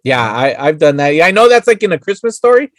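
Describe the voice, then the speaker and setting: A man's voice: a little high, quick pace, no room sound. A man, chatting casually as podcast co-host, swearing freely and slipping into Spanish. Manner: profane, animated, code-switches into Spanish. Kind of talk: casual chat.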